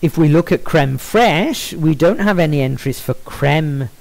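A man walking through a software stylesheet in a screen-recorded tutorial, measured and explanatory, with frequent ums and self-corrections. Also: fairly high pitch, animated, vocal fry, rough recording.

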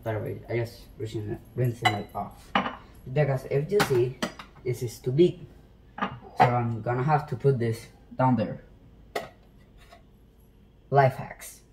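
A man's voice: mid-range voice, a little slow, pauses often, heavy background noise. A man in a home kitchen chatting casually into his phone as he shows how to make iced coffee. He jokes about himself and rambles with many restarts. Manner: joking, self-deprecating, rambling with restarts. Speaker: home cooking vlogger.

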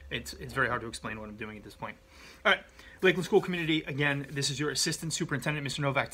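A man's voice: mid-range voice, pushed and bright. A man giving casual daily school announcements as assistant superintendent, talking directly into a phone at arm's length at home. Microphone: phone held at arm's length.

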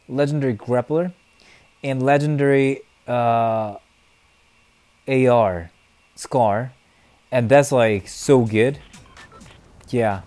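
A young man giving excitable, chatty commentary while streaming a shooter game, dropping to mumbles and then bursting out loud. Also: mid-range voice. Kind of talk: live gameplay commentary.

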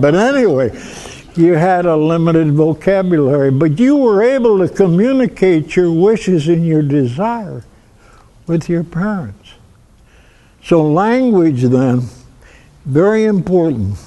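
Older Midwestern American male lecturer, unhurried folksy storyteller, slightly high, soft-toned voice. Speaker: guest lecturer. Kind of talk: public history lecture.

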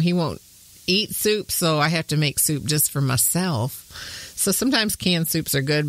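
A woman's voice: low voice, a bit bright, dry recording. Homey midwestern lady chatting on her podcast, laughs a lot, dry close mic. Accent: Midwestern American with some Southern. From Michigan, USA. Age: 30s. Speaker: podcast co-host. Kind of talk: casual talk.

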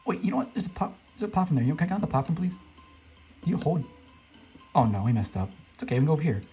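A woman giving casual, excitable commentary while playing a game, talking to other players and squealing when she jumps. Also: low voice, very fast, pauses often, faint music behind. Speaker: gaming channel host.

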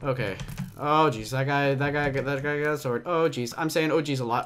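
A young man giving excitable, jumpy commentary on a game, with a slight cough and frequent yelps and laughs. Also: mid-range voice, moderate pace, slight background noise. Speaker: gaming commentator. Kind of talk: casual Minecraft gameplay commentary.

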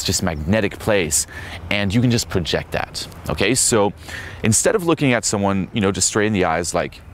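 Low-voiced young man coaching casually. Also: a little hiss or hum. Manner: casual, swears, filler-heavy, acts out quoted dialogue. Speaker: dating coach.

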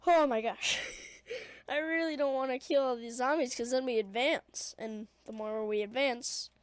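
A woman giving excitable gameplay commentary, chattering and shrieking at the game, sniffly, with a voice prone to cracking. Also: high-pitched, measured pace, no echo. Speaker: gaming video creator.

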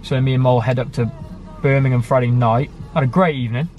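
A man's voice: mid-range voice, steady tone, fast talker, highs cut off. Young British man, rambling chat. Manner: rambling, with many fillers and self-corrections. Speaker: guest sharing his story. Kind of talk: casual conversation.

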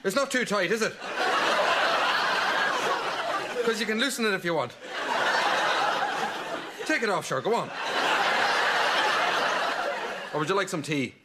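An actor playing a naive, cheerful young priest in a sitcom. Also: male voice, sits high, animated, fairly quick, over a noisy crowd. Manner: naive, blurting. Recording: noisy TV sitcom audio.

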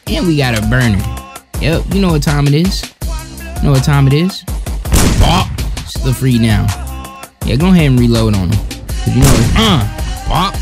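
A man's voice: medium pitch, expressive, moderate pace, gravelly, pauses often. Jumpy young man commenting on a game. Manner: jumpy, joking, talks to himself. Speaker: gamer. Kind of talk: let's-play commentary. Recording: game music underneath.

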